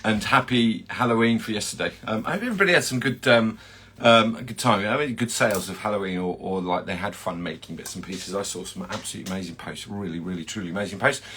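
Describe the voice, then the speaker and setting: A man's voice: fairly low pitch, quick pace, a bit bright, slight background noise. A man hosting a casual livestream chat, greeting viewers by name in a chatty way with plenty of fillers. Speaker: host of a chocolatier livestream.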